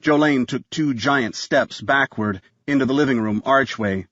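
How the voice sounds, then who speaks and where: A man's voice: medium pitch, measured pace, a bit bright, dry recording. Male audiobook narrator, tense thriller delivery, dull dry studio sound. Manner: tense thriller reading, voices characters.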